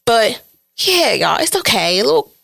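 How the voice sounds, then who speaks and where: Bright-voiced young woman podcast host. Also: fairly high pitch, normal speed, vocal fry. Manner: animated, chatty, acts out her own inner voice. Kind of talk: casual podcast chat.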